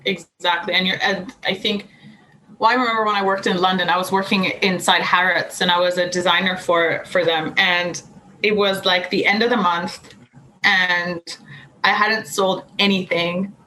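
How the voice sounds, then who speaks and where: Bright-voiced woman, animated storyteller. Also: lowish voice, normal speed, slight background noise, rough recording. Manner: animated storyteller, laughs often, acts out quotes. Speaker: podcast guest, anxiety coach. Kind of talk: casual interview chat.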